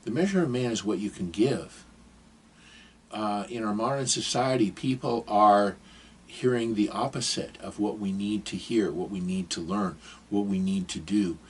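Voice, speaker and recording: A man's voice: on the low side, normal speed, slight background noise. An older man giving advice in a casual, rambling, digressive monologue to camera.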